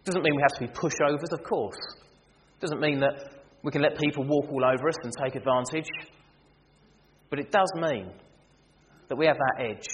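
A man preaching a sermon, animated and humorous, acting out everyday scenes to make his point. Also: a little high, moderate pace, pauses often. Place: church. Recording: reverberant church hall with faint noise.

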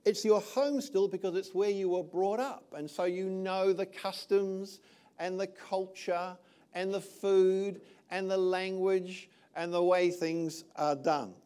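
High-voiced older man preaching from New Zealand. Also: steady tone, slow pace, mellow, clean tone. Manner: conversational, checks in with "all right?". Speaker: pastor. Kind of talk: sermon.

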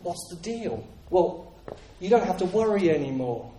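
A man's voice: high voice, very animated, moderate pace, dark tone, slight background noise. A man preaching a sermon in an earnest, repetitive way with frequent restarts. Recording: echoey room, voice from a distance.

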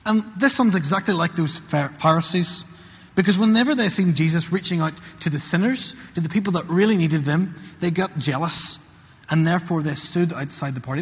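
A man's voice: fairly high pitch, fairly quick, husky. Man preaching in a reverberant hall. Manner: earnest, acts out characters' lines in quotes. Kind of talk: sermon. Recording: muffled, with long hall reverb.

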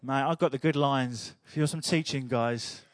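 A man's voice: medium pitch, normal speed, no echo. A man preaching a sermon in a chatty, humorous storytelling way.

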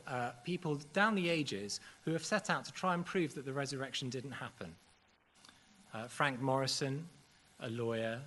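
A man preaching a sermon in a church service, earnest and measured, with occasional fillers. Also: on the high side, fairly bright tone.

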